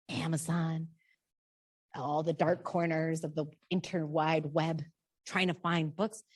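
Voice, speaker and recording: A woman author giving a library talk, telling her story with lively animation and questions to the audience. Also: lowish voice. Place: library program room.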